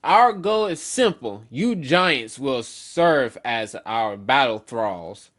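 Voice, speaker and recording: A man's voice: medium pitch, lively intonation, slow pace, fairly bright tone. A man reading the lines of an arrogant, threatening male knight villain in a plain voice. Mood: menacing.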